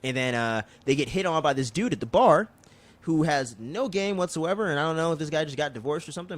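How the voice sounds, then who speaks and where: A man co-hosting a podcast, recapping an episode in casual chat, telling it loosely and profanely with quick impressions of the characters. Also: a little high. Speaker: podcast co-host.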